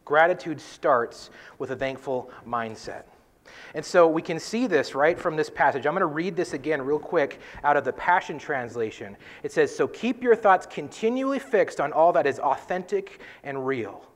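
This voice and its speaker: Brief: man, slightly higher voice, casual earnest Bible teaching, conversational with soft emphatic drops. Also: lively intonation, moderate pace, few pauses. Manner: conversational, tags points with "right?".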